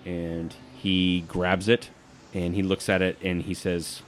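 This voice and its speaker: A man narrating as game master of a tabletop game, lively and laughing along. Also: sits low, takes it slowly.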